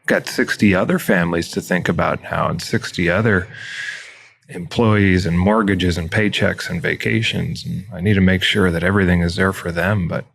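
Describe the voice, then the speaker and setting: A man's voice: deep voice, moderate pace, gravelly, fairly bright tone, breathy edge. A man talking candidly in a casual interview about running his business, reflective and often quoting his own thoughts. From Montana. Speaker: business owner guest.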